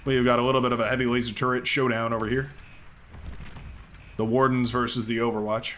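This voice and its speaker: A man's voice: medium pitch, level tone, fairly quick, fairly bright tone, slight background noise. An American man casting a real-time strategy match, chatty and upbeat, with many fillers and restarts. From United States. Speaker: game commentator. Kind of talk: live strategy game commentary.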